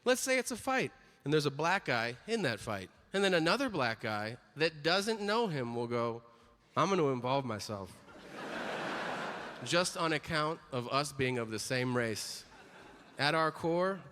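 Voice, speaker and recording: Male stand-up comic, animated delivery with sudden high character voices, live club recording with long hall reverb. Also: a little slow, a little hiss or hum. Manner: animated, jumps into high-pitched voices for quoted people. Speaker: stand-up comedian. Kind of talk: stand-up comedy routine. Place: comedy club stage. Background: audience laughter.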